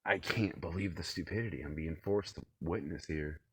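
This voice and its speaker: A low, husky male voice rants alone into the camera, profane and agitated, lurching from shouted outbursts back down to grumbling mutters. The sound is close and dry, with no room echo. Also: moderate pace. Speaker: vlogger. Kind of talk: rambling solo rant to camera. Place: cold room at home.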